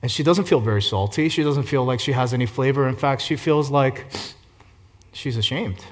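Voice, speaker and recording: Man, pastor, sermon, soft and gentle one moment, loud and fervent the next. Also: medium pitch, moderate pace. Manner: swings between gentle hushed passages and loud fervent climaxes.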